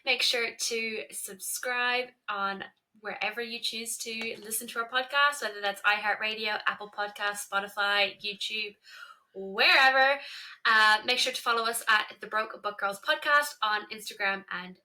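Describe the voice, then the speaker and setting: Irish-born woman hosting a podcast, very bright tone, kinda high, brisk outro. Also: fairly even intonation, poor audio. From Ireland. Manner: brisk, reads the show outro. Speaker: podcast co-host. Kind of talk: casual chat.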